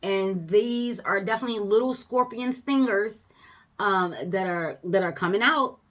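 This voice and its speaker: A woman giving a casual tarot reading to her viewers, emphatic and animated, swearing freely, laughing often and calling them baby. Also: mid-range voice, a little slow. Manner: addresses viewers as baby and y'all. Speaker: tarot reader.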